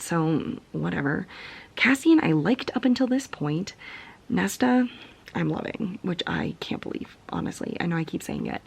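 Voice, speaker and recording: A woman's voice: on the low side, creaky, breathy edge. A young woman vlogging about a book she is reading, tired and venting in a frustrated, often whispered late-night rant. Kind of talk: casual reading vlog.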